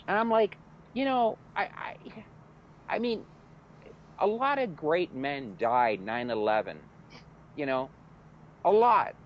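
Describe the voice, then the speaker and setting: Animated, profane man ranting. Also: a little high, takes it slowly, long pauses. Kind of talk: casual storytelling rant. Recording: dull lo-fi recording, faint noise.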